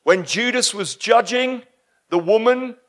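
Man, preacher, sermon, high-pitched, emphatic, shouts. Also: measured pace.

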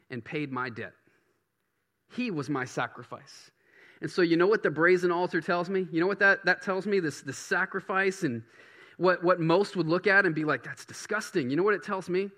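A man's voice: on the high side, moderate pace, pushed and bright. A middle-aged man preaching a sermon on prayer, chatty at first and building to emphatic preaching. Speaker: pastor.

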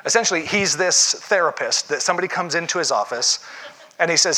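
Male pastor, slightly high and bright, conversational sermon delivery with rhetorical questions. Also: animated, a little fast.

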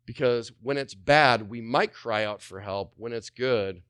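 A man's voice: medium pitch, normal speed, hardly any pauses, clear, resonant tone, no echo, studio quality. A male pastor preaching a sermon with energy, repeating phrases and voicing the people he quotes. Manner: energetic, repetitive, voices the speakers he quotes.

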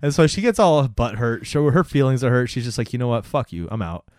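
A man in his thirties with a mid-pitched voice whose intonation rises and falls a lot as he retells a show. He laughs often and drops into quick quoted voices. The recording is dry and close. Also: expressive, darkish tone, no echo. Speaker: podcast co-host. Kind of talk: casual chat recapping a sitcom.

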